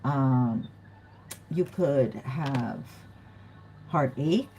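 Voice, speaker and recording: Reading tarot for her viewers, a woman speaks in a rumbling low, expressive, mellow voice at an extremely slow pace. She's casual and chatty, giggling often and acting out what other people might say. The recording is low quality, with a little hiss or hum.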